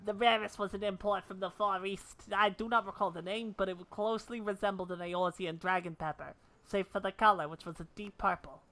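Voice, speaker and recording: A woman voicing a nervous, worried male cook's assistant in a video game, speaking lower and softer than her own voice. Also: steady tone, brisk, hardly any pauses, lightly acted. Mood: fretful.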